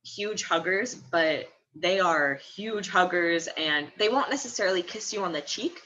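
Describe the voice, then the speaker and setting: Bright-voiced young Midwestern woman. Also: fairly low pitch, animated, measured pace, highs cut off. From American Midwest. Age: 20s. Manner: chatty, laughs often between phrases. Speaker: study abroad student. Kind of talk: casual vlog talk.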